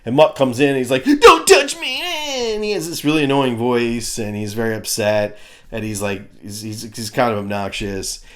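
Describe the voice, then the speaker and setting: A man's voice: fairly low pitch, normal speed. Ranting middle-aged man reviewing cartoons. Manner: ranting, animated, crude. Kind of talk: comedic rant review.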